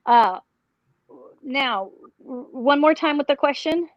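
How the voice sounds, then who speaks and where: A woman psychic on a live paranormal show, talking haltingly with many restarts as she questions a spirit. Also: high voice, expressive, no echo. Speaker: psychic, remote viewer. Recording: dull dry lo-fi audio.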